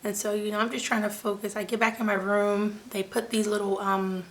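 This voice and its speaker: A young woman vlogger telling a personal story to her viewers in an animated, chatty way, often saying "like" and "you guys.". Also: medium pitch, a little fast. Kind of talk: casual storytelling to camera.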